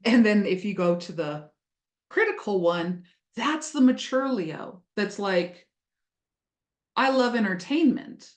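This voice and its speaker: A woman's voice: medium pitch, animated, measured pace. A woman giving a casual astrology lesson. She talks in a chatty, playful way and acts out little voices. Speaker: astrology teacher. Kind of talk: casual teaching talk. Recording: roomy echo.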